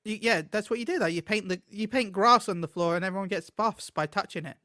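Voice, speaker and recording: A man co-hosting a casual gaming podcast, excitable and quick to laugh, often tripping over his words. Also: high-pitched, no echo, studio quality. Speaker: podcast co-host.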